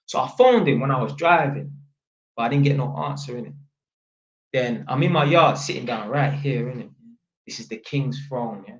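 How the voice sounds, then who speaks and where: A man's voice: mid-range voice, lo-fi sound. A young man telling a story to camera in casual slang, acting out phone calls in quoted voices, sitting at home. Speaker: vlogger. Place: at home, sitting at a small table. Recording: echoey room.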